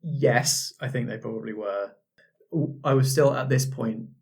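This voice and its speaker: A man's voice: mid-range voice, a little slow, gravelly. Hesitant male game master chatting. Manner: hesitant, many restarts and ums, laughs easily. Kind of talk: casual chat about his characters.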